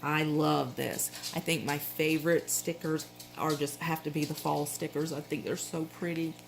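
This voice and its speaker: A middle-aged woman with a Southern accent talks in a low, easygoing voice. She chats and rambles, often stopping to correct herself mid-sentence. A faint hum sits underneath the recording. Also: fairly even intonation, moderate pace, vocal fry. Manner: chatty, rambling, frequent self-corrections. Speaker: planner vlogger. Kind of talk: casual show-and-tell chat.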